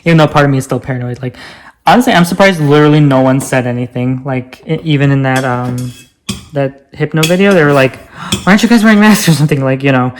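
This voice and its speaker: A man's voice: mid-range voice, fast talker, a little hiss or hum. Light-voiced chatty man vlogging. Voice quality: light voice others call girlish. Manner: rambling, filler-heavy, playful. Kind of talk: casual chatty vlog.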